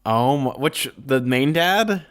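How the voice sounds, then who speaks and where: A man's voice: medium pitch, expressive, slow pace, fairly bright tone. A man co-hosting a podcast, recapping a book in easygoing casual chat with small jokes. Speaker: podcast co-host.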